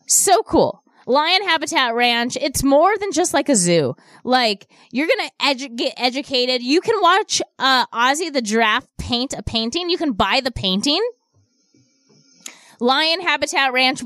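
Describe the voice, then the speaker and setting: A woman with a high, bright-sitting voice hosts a radio shopping show. She talks up local deals in a chatty, repeating patter. The studio sound is dry and close. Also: animated, normal speed, dry recording. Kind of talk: upbeat radio deal pitch. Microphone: studio microphone.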